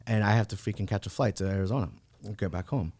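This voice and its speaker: In a podcast studio, this man with a lowish, slightly mellow voice talks fast. A real estate agent by trade, he's a guest sharing a personal story casually and easily, with lots of "bro" and "like."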